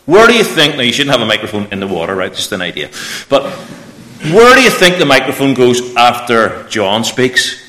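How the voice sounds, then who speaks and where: A man preaching a lively children's talk in church, asking the children questions. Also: mid-range voice, brisk. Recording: echoey church room.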